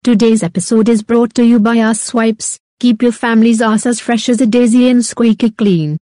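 A woman's voice: on the high side, steady tone, normal speed, mellow, no echo. A woman giving a brash, foul-mouthed mock sponsor introduction to a comedy podcast. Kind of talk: crude comic sponsor intro.

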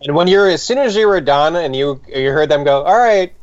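A man co-hosting a comedy podcast in casual chat, relaxed and rambling with lots of filler words. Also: fairly high pitch, a little fast. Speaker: podcast co-host. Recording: dull lo-fi sound.

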